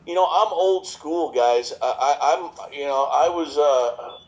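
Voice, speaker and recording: A man's voice: on the high side, takes it slowly. A man in his fifties rambles through his answers in a podcast interview. He jokes and restarts his sentences often, leaning on fillers. The audio is a little dull and lo-fi. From New York. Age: 50s. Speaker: chiropractor guest.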